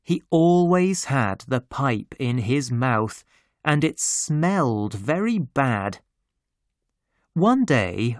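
A man reading a children's story aloud in a clear, expressive way. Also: medium pitch, dry recording, clean studio sound. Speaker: narrator.

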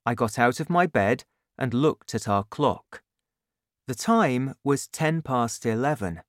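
A narrator reading a story aloud, slowly and clearly, in a deliberate audiobook style. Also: mid-range voice, expressive, no echo, clean studio sound.

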